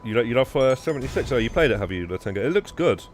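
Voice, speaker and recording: A man's voice: mid-range voice, big pitch swings, very fast, soft background music. A young British man streaming a game, chatting casually and rambling with restarts and swearing. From United Kingdom. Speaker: live streamer. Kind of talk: casual gaming stream chat.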